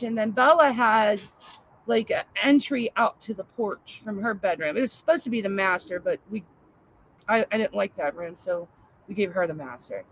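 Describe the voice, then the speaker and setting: A middle-aged woman chatting casually as co-host, telling animated stories about her home and family. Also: a little high. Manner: chatty, animated storyteller acting out her daughter. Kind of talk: casual chat.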